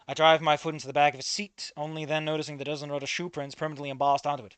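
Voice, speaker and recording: A man's voice: a little high, little pitch movement, racing, few pauses, a bit bright, clean tone, dry recording. A man reading a first-person fan story aloud in a casual, wry, sometimes profane way, close to the mic. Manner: casual, wry narration with swearing. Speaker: story reader.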